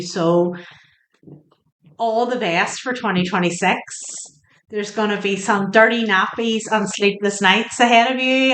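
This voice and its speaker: Slow, chatty woman reading tarot. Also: medium pitch, fairly bright tone, echoey room. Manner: chatty and emotional, asking the cards questions aloud. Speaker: tarot reader. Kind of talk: spoken tarot card reading.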